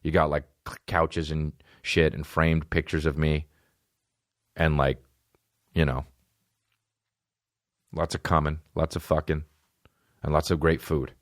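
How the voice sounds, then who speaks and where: Here the same kind of host, a man in his thirties, delivers a profane, casual rant on his comedy podcast and mimics people in mocking tones. His bass voice stays level and a little slow, with frequent pauses, and the studio recording is clean and echo-free.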